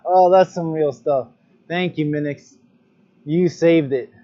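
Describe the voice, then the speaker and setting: A man's voice: on the high side, steady tone, takes it slowly, mellow, dull audio. A man chatting casually during his own live stream as a glassblower, thinking aloud while he adjusts his stream settings. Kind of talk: casual livestream chat.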